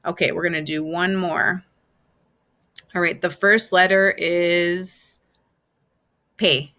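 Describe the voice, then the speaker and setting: A woman's voice: on the low side, level tone, slow, bright, forceful tone. A woman teacher giving a recorded online lesson, spelling words out letter by letter and repeating them patiently. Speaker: Spanish teacher.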